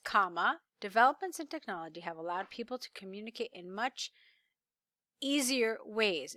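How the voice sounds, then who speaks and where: Bright-voiced woman tutor correcting an essay. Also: fairly high pitch, no room sound, clean studio sound. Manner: encouraging, explains slowly while reading aloud. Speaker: English tutor.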